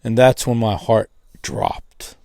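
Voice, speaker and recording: Very animated yet unhurried, this man's creaky, slightly mellow voice comes through a dry recording as he shares his testimony. He tells it like a casual story, jumping in pitch to act out what people said.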